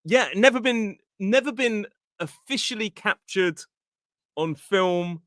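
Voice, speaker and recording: Bright, lively British teacher voice. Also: male voice, high voice, slow pace, no echo, studio quality. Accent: British English. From England. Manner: explains vocabulary clearly, chatty with fillers. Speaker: podcast host and English teacher. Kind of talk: casual educational podcast chat.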